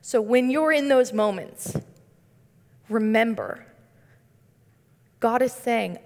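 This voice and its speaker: A young woman with a slightly high voice delivers a conversational sermon. She stays earnest and drops in light humorous asides. A long reverb tail hangs on her voice. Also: slow pace, long pauses. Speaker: speaker giving a devotional.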